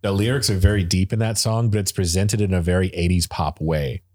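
A man with a very deep, low voice chats casually about music. He rambles with enthusiasm, full of fillers and restarts. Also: fairly even intonation, fairly quick, a little mellow.

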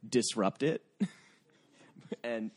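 A man with a mellow, dark-toned voice chats loosely on a comedy podcast. He rambles through his stories, full of filler words. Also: mid-range voice, animated, extremely slow, breathy edge. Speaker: podcast host. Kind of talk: casual comedic chat.

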